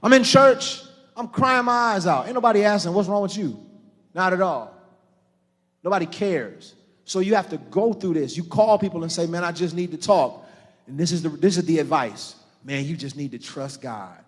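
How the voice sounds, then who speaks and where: Preacher guy, high voice, gets loud and fired up, big reverby church. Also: animated, a little fast. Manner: preaching with rising shouted intensity, calling on the congregation. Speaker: pastor. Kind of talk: sermon. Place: large church hall. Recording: live church sermon with long hall reverb.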